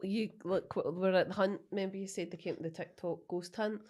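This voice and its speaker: A woman's voice: fairly low pitch, steady tone, fairly quick, mellow. A Scottish woman co-hosting a podcast, asking short, casual questions and swearing now and then. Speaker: podcast co-host. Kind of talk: casual chat.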